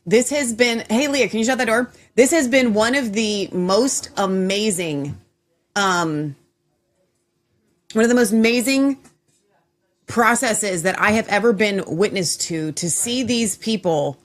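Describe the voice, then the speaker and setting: A woman's voice: medium pitch, a little slow. A woman hosting her own show, talking in a chatty, rambling way with frequent restarts. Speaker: host. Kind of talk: casual chat.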